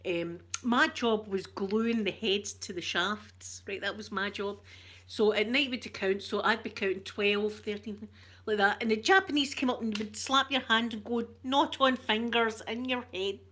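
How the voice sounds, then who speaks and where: A woman's voice: medium pitch, steady tone, moderate pace, a bit bright. A woman with a Scottish accent chatting casually to her viewers, telling stories and laughing often. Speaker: ASMR streamer chatting with viewers. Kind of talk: casual chat.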